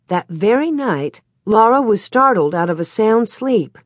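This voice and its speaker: A woman narrating a children's audiobook in an expressive, storytelling manner. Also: a little high, unhurried, few pauses, dry recording. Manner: expressive storytelling, lively cadence. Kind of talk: scripted narration.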